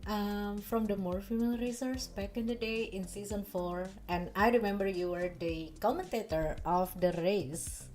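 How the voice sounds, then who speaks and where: A woman's voice: mid-range voice, normal speed, hardly any pauses, darkish tone, faint music behind. A woman hosting a podcast, talking in a bubbly, casual way full of fillers. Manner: bubbly, filler-heavy chat with many "like"s. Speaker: podcast host.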